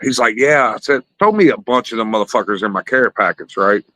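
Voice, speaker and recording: Profane rambling man with a bright voice. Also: lowish voice, a little fast, no echo, rough recording. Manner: profane, rambling, laughs at his own stories. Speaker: wrestler, interview guest. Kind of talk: casual storytelling interview.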